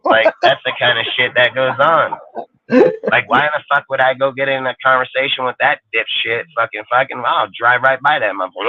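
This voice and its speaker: A man hosting a sports talk show in a casual, animated, rambling rant full of swearing. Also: medium pitch, a little fast, no echo. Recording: tinny phone-like line, dry.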